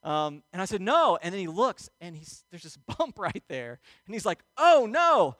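A middle-aged male pastor telling a personal story in a sermon, animated and acting out moments, often checking in with "okay?". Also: fairly high pitch, normal speed, no echo. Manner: animated storyteller, acts out yelling, frequent "okay?" check-ins.

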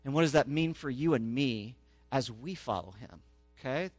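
A man's voice: mid-range voice, lively intonation, moderate pace, dry recording. A man preaching a sermon and reading scripture aloud, talking conversationally and checking in with his listeners, growing emphatic as he reads. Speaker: pastor. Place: church in a small town.

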